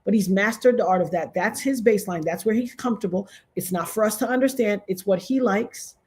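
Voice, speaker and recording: A woman's voice: medium pitch, fairly quick, a little mellow. An American woman doing casual commentary, emphatic and repetitive, with sudden outbursts. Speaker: commentary vlogger.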